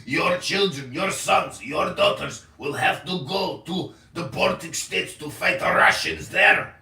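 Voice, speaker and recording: A man's voice: fairly high pitch, measured pace, vocal fry, sharp tone, exaggerated voice. A man doing an impression of a male Ukrainian wartime leader who begs for money and then threatens, heard over a voice chat app. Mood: pleading. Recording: roomy, distant voice-chat audio.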